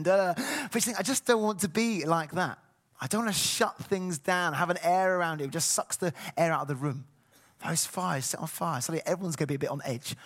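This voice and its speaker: A middle-aged man preaching a sermon, telling personal stories with animated, acted-out dialogue. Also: a little high. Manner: animated storytelling, acts out voices.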